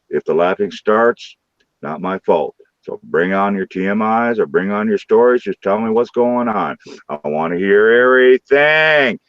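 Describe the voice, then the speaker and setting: Low-voiced rowdy man chatting live. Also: dry recording, highs cut off. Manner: rowdy, crude joking banter with chat. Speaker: livestream host. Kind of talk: casual live-stream chat.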